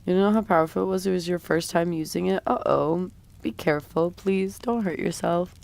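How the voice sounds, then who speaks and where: A woman's voice: on the low side, normal speed, creaky, darkish tone. A woman streamer chatting casually with her viewers while she draws, her voice sounding a bit sick. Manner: chatty, talks while drawing, reads and answers chat. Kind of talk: casual drawing livestream chat.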